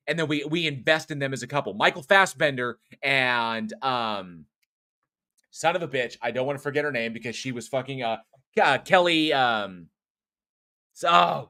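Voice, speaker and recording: A man co-hosting a horror show, rambling through a film review with plenty of swearing and false starts. His voice is bright and forward, sitting at an ordinary middle pitch. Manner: rambling, profane, frequent restarts and fillers. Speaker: podcast co-host. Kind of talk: casual film review chat.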